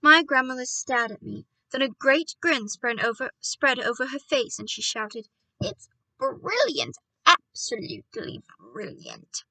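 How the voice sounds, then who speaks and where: A woman reads a children's book aloud with high, lively, swooping intonation. Her voice is bright, with a gravelly creak at the ends of phrases, and it sounds dry and close to the mic. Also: moderate pace, hardly any pauses, no room sound, poor audio. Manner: expressive, animated storytelling. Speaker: audiobook reader. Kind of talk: reading a children's novel aloud.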